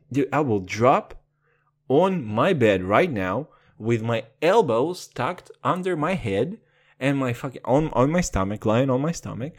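Brief: animated male podcast host, profane, jokey, lively ups and downs, mid pitch. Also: unhurried. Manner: excitable, profane, jokey, with big pitch swings. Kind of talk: casual podcast chat.

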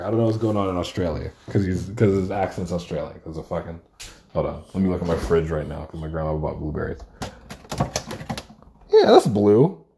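A man's voice: sits low, dark tone, a little hiss or hum. A young man hosting a casual solo podcast, rambling, swearing freely and correcting himself mid-sentence from a room at home. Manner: rambling, profane, self-correcting. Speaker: podcast host. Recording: roomy echoey room.

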